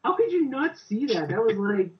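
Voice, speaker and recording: A man's voice: very high voice, big pitch swings, normal speed, a loud crowd. A man guesting on a podcast, eagerly talking about movies. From Canada. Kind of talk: casual podcast chat. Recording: distant dull lo-fi remote line.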